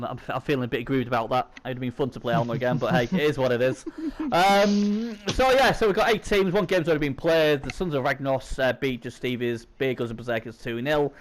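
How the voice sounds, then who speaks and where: Hoarse man rambling as host. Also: mid-range voice, a little hiss or hum. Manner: rambling, filler-heavy. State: sore throat, strained voice. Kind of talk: casual gaming preview chat.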